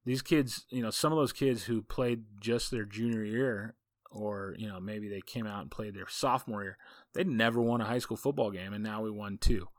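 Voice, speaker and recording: A man's voice: on the low side, moderate pace, no echo, clean studio sound. A man, a football coach hosting a podcast, telling a story in a casual, folksy, rambling way full of asides.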